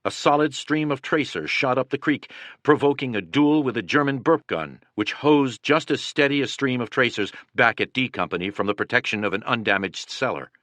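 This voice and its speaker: A man reading a soldier's measured, somber written account of battle in an audiobook. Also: medium pitch, fairly bright tone, no room sound, close to an everyday voice. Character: male soldier writing a sober war account.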